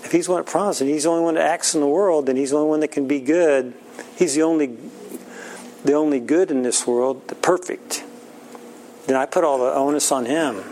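Gravelly middle-aged man preaching folksy. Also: on the high side, fairly quick, darkish tone, slight background noise, poor audio. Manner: folksy, plain-spoken, laughs often. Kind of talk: informal sermon.

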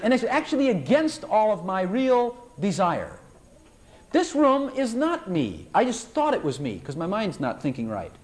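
An older man delivering a sermon with a lively, swooping voice that climbs high when he presses a point. He talks straight to the congregation and slips into short spoken prayers as he goes. The pitch sits a little high for a man. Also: normal speed. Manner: animated, rising to high emphatic tones, acts out prayers and voices. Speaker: preacher.

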